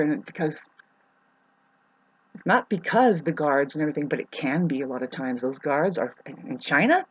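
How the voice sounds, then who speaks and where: A woman's voice: sits low, normal speed, breathy edge, lo-fi sound. A woman in a rambling, profane monologue, half-rhyming and sarcastic, with many ums.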